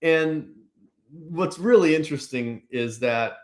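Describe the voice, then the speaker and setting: A man's voice: a little high, slow pace. A man from Pennsylvania, a podcast guest, talking casually and rambling with lots of "like" and "you know". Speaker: podcast guest, business owner. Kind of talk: casual conversational interview.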